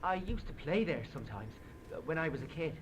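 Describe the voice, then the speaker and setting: A man's voice: on the high side, big pitch swings, a little fast. An actor with an Irish accent playing a nervous, hesitant young red-haired man in an adventure game. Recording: noisy captured game audio.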